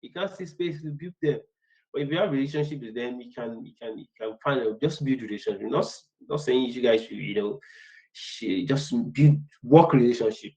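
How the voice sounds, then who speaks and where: A man's voice: medium pitch, normal speed, a little mellow, poor audio. A man teaching business analysis in a casual, rambling way. He repeats words and acts out short workplace exchanges. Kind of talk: casual online lecture.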